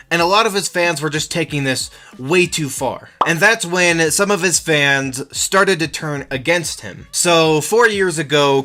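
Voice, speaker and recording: A man's voice: a little high, bright, forceful tone. A man narrating a scripted commentary video, telling the story with a building-suspense delivery. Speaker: YouTube commentary host.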